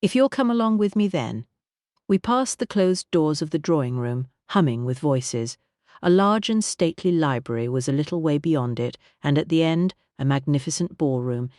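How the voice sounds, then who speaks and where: Measured, dry audiobook narrator. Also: mid-range voice, darkish tone, no echo. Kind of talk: scripted narration.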